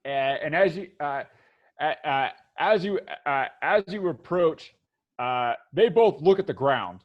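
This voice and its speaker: A man narrating as game master of a tabletop game, halting with many fillers and restarts. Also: a little high, animated, muffled recording.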